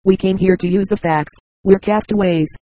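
A synthetic text-to-speech voice reading the lines of a cool, self-assured young prince in an audiobook, flat and unvaried. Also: mid-range voice, normal speed, dry recording, close to an everyday voice, rough recording.

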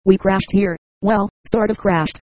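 A synthetic text-to-speech voice reading the lines of a cool, self-assured young prince in an audiobook, flat and unvaried. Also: mid-range voice, a little slow, dry recording, lightly acted, low-quality recording.

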